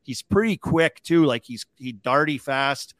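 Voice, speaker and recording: A man's voice: medium pitch, expressive, measured pace, fairly bright tone, no room sound. A man, a former hockey player, chatting casually as a podcast guest, laughing as he tells stories.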